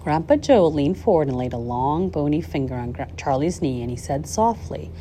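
Lively woman reading a children's story. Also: low-pitched, normal speed, few pauses, slight background noise. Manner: lively expressive storytelling with small slips. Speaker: audiobook reader. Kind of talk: reading a children's novel aloud.

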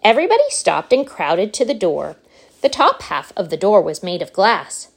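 A woman reading a children's book aloud as narrator, in an unhurried, expressive storytelling way. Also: fairly low pitch, gravelly, slightly rough.

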